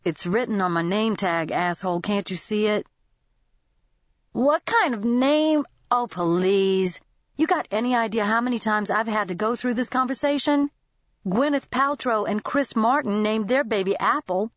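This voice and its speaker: A woman's voice: on the low side, fairly even intonation, moderate pace, hardly any pauses, dry recording, lo-fi sound, close to an everyday voice. A woman voicing a brash, irritated young waitress with a snappy, sarcastic way of talking.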